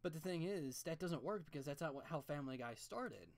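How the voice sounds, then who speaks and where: This art streamer has a voice of middling pitch and talks into a desk mic while drawing at home. They wander off into long, profane rants, backtracking and restarting sentences as the thoughts come. The delivery is loose and conversational. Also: expressive, fairly quick. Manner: rambling, profane, ranting with restarts. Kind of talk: casual rambling commentary while drawing.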